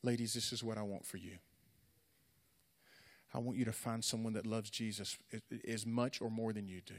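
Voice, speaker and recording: A man's voice: fairly low pitch, fairly even intonation, moderate pace. A middle-aged man preaching to young people in an earnest, repetitive, conversational way. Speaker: youth pastor. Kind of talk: sermon. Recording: echoey hall.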